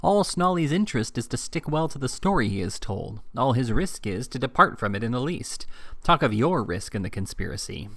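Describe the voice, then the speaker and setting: A man's voice: mid-range voice, sing-song, a little fast, fairly bright tone, no room sound, clean studio sound, voice pushed up. A man reading aloud as a scheming, commanding moneylender who talks curtly and with emphasis. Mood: stern. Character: scheming stern older male moneylender.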